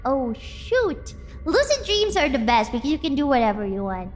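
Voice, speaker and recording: High-voiced chatty woman streamer. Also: normal speed. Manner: excitable, bursts into squealing and laughter. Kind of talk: casual chat with viewers. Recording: faint music in the background.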